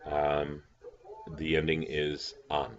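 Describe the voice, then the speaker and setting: A man's voice: rumbling low, monotone, takes it slowly, dull audio, slight background noise. A man teaching a recorded lesson, patient, spelling words out letter by letter. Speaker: language teacher.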